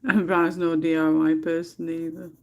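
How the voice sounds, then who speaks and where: A woman's voice: sits low, flat delivery, moderate pace, vocal fry, darkish tone. A woman hosting a casual livestream from her home, chatting and telling stories in a giggly way while she colours. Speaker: livestream host. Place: home room.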